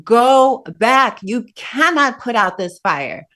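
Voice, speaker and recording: A woman's voice: on the high side, lively intonation, slow pace, exaggerated voice. A woman doing a stern giant eagle. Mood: commanding. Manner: commanding, forceful warnings. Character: stern, powerful male god in the form of a giant eagle.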